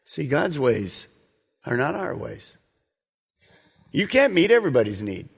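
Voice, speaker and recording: A man preaching a sermon, earnest and exhorting, sometimes dropping to a soft, slow voice. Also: medium pitch, very animated, gravelly, breathy edge, in a large hall. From United States. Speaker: pastor.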